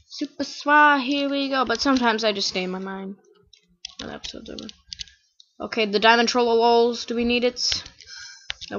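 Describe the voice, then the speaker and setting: A woman hosting a gameplay channel, giving goofy, playful let's-play commentary and repeating catchphrases. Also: mid-range voice. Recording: dull lo-fi home mic.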